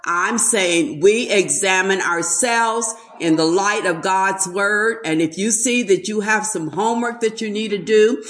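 An older woman delivering a sermon at an unhurried, deliberate pace. Her delivery is emphatic, with weight laid on key words. Her pitch sits in a middle range. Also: a bit bright. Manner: slow, emphatic preaching. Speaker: preacher.

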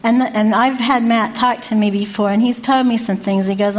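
A woman tells a story from her night shift at a youth residence in a chatty, conversational way. Her voice sits a bit high. She acts out each person as she goes. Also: moderate pace, few pauses, poor audio.

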